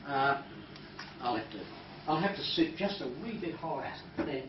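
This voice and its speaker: A man who is a hypnotist, leading a live training demonstration and talking in a calm, soft-spoken way that sometimes drops to a hush. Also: fairly high pitch, moderate pace. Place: training room with an audience. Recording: roomy, distant, dull recording with noise.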